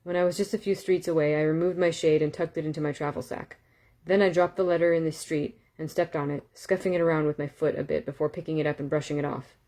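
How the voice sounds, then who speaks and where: A woman reads a novel aloud in a calm, even narration, now and then correcting a slip. Her voice sits low and settled. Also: fast talker. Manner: calm, with small self-corrections and asides. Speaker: audiobook reader. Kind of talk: fan novel reading aloud.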